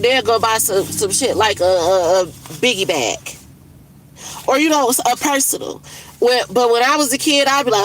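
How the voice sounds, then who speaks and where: A woman's voice: a little high, animated, moderate pace, fairly bright tone, low-quality recording. A woman vents on a casual livestream. She talks bluntly, swears often and sounds worn out with frustration. There is a faint bit of noise in the background. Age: 30s. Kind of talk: casual venting monologue.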